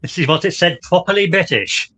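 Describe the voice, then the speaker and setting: A woman co-hosts a livestream, calling in over a phone line. Her voice is low and husky, and she swings widely in pitch as she jokes around. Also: animated, a bit bright. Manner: playful, quick to joke. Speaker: co-host. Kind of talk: casual livestream chat. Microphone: remote call over a phone.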